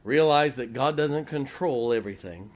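A man preaching a folksy Baptist sermon, breaking into slow sung hymns and telling humorous stories. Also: medium pitch, animated. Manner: breaks into hymns and scripture, sung slowly and loudly; storytelling with humor.

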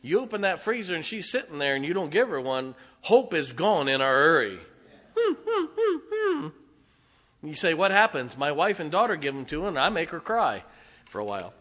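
Pastor guy mid sermon, folksy stories, kinda high bright voice, goes quiet then loud. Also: big pitch swings, fairly quick. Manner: folksy storytelling, swings from hushed to loud emphatic preaching.

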